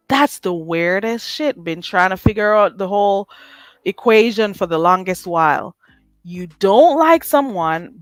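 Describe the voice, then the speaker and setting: A woman's voice: lowish voice, no echo. A woman hosting a casual live stream, blunt and sassy, laughing often. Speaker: livestream host.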